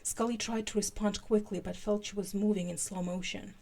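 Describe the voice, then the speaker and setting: A woman podcast host with a gravelly, medium-pitched voice does a live fan fiction reading. Her animated reading gives way to a halting manner in the asides.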